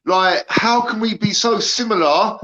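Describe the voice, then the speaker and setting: Bright high-voiced man, lo-fi audio. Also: unhurried. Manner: argumentative, casual slang. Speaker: panel guest. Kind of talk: heated live panel discussion.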